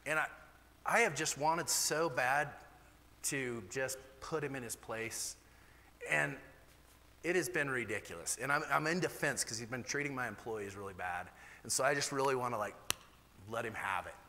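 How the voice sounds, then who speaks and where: Animated pastor preaching in a reverberant hall. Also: male voice, moderate pace. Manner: candid, animated preaching with sudden rises in pitch. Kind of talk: sermon.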